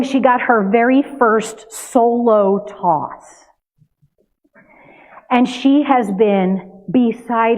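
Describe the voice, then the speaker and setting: An older woman giving a sermon, telling a family story in a conversational, lively way. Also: mid-range voice. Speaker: minister. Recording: tinny phone-like sound.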